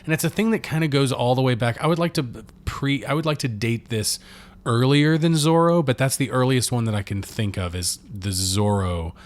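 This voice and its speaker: A man's voice: medium pitch, moderate pace. A man co-hosting a casual movie podcast, talking in a rambling, jokey way with lots of fillers. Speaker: podcast co-host.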